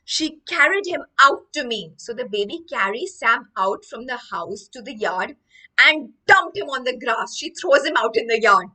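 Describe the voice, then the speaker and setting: A woman's voice: a little high, lively intonation, moderate pace, sharp tone, recorded from a distance, poor audio. A woman teaching English vocabulary through a story, explaining each line after she reads it.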